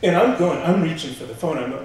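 A man telling a personal story on stage to a live audience, animated and full of fillers, acting out quotes as he goes. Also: a little high, fairly quick, slight background noise. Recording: echoey hall from far off.

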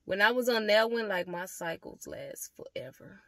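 A young woman telling a storytime vlog to the camera, animated and swearing freely as she talks to her viewers. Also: medium pitch, normal speed, no room sound. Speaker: vlogger.

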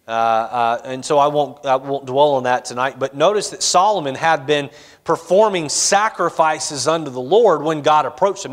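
A pastor preaching a sermon in a church, talking in a loose, conversational way with many fillers and acted asides. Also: male voice, medium pitch. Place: church sanctuary.

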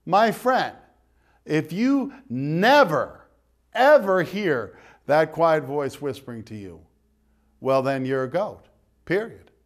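A man's voice: on the high side, big pitch swings, slow, pauses often. Man preaching in a conversational tone. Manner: conversational preaching with direct asides to listeners. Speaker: priest. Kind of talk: sermon.

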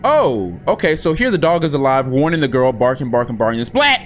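Excitable man playing a horror game. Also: mid-range voice, a little fast, slight background noise. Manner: excitable, slangy, jumps from mutters to yelps. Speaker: gaming channel host. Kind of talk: let's play commentary. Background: horror game music and sounds.

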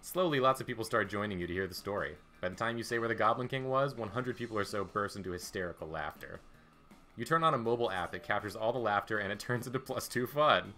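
Casting note: young male streamer, wry game narration, low voice with a bright edge, music underneath. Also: fast. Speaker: streamer reading a dating game. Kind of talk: reading game text aloud with asides.

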